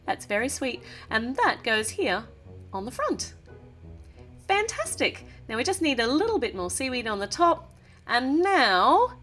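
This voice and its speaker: Lively high-voiced woman reviewing toys. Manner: chatty, cheerful, laughs often. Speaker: toy reviewer. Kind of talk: toy build review narration.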